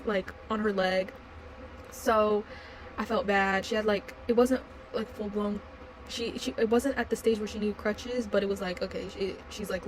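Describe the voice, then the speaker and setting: A woman's voice: mid-range voice, slight background noise, rough recording. A young adult woman vlogger telling a story in a rambling, casual way, full of fillers like "like" and blunt swearing.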